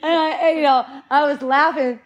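A woman in her forties telling a story casually, animated, laughing often and restarting her sentences. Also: sits high, brisk. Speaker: parent sharing a story.

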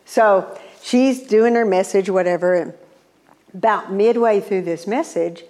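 Animated woman telling a testimony. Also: mid-range voice, unhurried. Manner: animated, exclamatory, humorous. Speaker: speaker. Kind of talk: testimony storytelling.

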